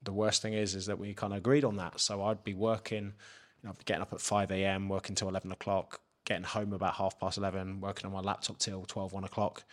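A man's voice: on the low side, a bit bright. A man, a podcast guest telling a candid personal story and swearing freely. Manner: frank, swears freely, acts out his own inner questions.

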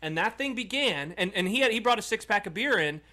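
A man with a slightly high, bright voice co-hosts a relaxed podcast. He tells stories in an easygoing way and reads out listener comments. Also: fairly quick. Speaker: podcast co-host. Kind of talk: casual chat.

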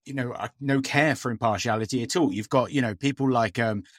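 A man's voice: mid-range voice, brisk, fairly bright tone, no room sound. Podcast guy chatting, lots of um and you know, mid voice, dry sound no room. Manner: hesitant, lots of fillers and restarts. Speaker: podcast co-host. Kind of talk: casual chat.

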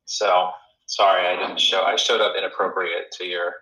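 Goofy, joking man, bright and roomy. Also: sits low, flat delivery, normal speed. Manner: joking, goofy, self-mocking. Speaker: podcast guest and activist. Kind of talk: casual podcast chat.

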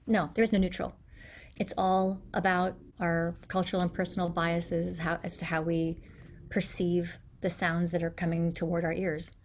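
A middle-aged woman, a guest accent coach, talks in a casual interview with an animated, explanatory manner. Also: lowish voice, a little hiss or hum. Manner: animated, explanatory, acts out quotes.

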